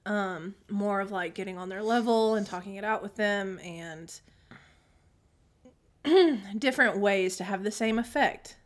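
A woman in her thirties co-hosting a podcast, telling stories in animated casual chat and acting out quotes, often clearing her throat. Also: mid-range voice, measured pace, long pauses. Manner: animated storytelling, acts out quotes. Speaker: podcast co-host.

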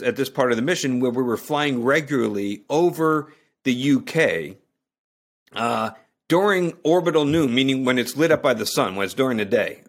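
Chatty man telling a story. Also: mid-range voice. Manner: chatty, many restarts and fillers. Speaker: guest. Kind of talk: casual storytelling.

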